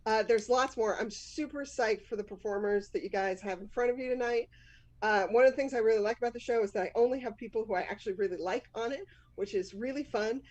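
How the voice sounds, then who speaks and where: A woman's voice: fairly high pitch, fast talker, a little mellow, low-quality recording. A woman in her fifties with a Boston accent, hosting a live storytelling show, telling a personal story candidly and laughing often at herself.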